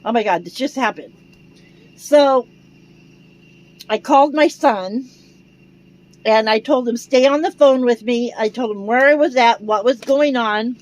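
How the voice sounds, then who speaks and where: An older American woman, a vlogger, telling a rambling, animated story in a casual way. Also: a little high, measured pace, long pauses, rough recording. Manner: rambling, animated, retells dialogue.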